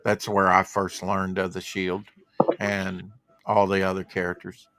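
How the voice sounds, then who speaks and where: A man with a somewhat low voice hosts a relaxed livestream from his home computer, wandering between tech gripes and comic-book trivia. He reads viewer comments aloud in an easygoing, rambling way. The sound is dry and close, with no room echo. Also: a little slow. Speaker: podcast host. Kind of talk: casual livestream chat about comics.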